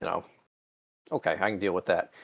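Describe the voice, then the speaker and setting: A man's voice: low-pitched, fairly even intonation, a little fast, gravelly. A man co-hosting a podcast, chatting casually and profanely, often slipping into mocking voices. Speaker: podcast co-host. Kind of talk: casual chat.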